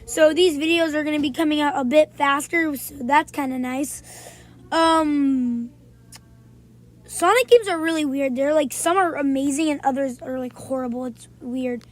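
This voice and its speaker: A woman talking casually in a vlog, telling playful stories with frequent pauses and "um"s. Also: high-pitched. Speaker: video creator.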